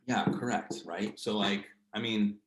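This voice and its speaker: A man's voice: fairly low pitch, unhurried, echoey room. A man with a New Jersey accent, leading a real estate training session in a casual, slangy way, full of fillers. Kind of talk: casual coaching talk.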